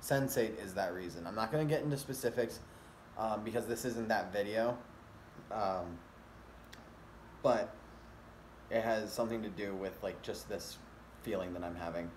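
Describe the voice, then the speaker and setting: A man's voice: fairly low pitch, normal speed, pauses often, a little hiss or hum. A man vlogging casually, rambling with many fillers and restarts. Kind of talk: casual rambling vlog talk. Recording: echoey room with faint ambience.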